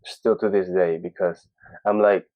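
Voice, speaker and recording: Animated young man from Peru. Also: low-pitched, unhurried, no echo, narrow, tinny audio. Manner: animated, acts out quoted voices. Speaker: guest. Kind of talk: casual storytelling.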